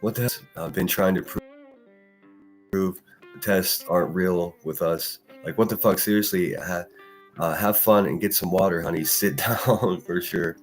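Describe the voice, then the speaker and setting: Low-voiced man ranting on a live stream. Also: measured pace, faint music behind. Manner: profane, heated, combative; reads and answers chat comments. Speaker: live-stream podcast host.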